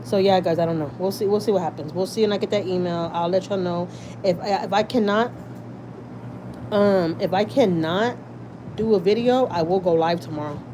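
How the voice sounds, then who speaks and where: A woman's voice: fairly low pitch, normal speed. Houston woman w/ a texas accent going live from the car on her phone, loose and chatty, cusses a bit, light noise in the back. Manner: chatty, swears casually, reads viewer comments aloud. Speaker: vlogger, channel host. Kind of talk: casual livestream chat.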